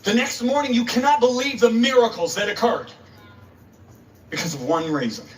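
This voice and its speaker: Preacher guy, high voice, telling a story all dramatic and emphatic, mic far away. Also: moderate pace. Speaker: preacher, guest speaker. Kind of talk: sermon storytelling. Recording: distant mic.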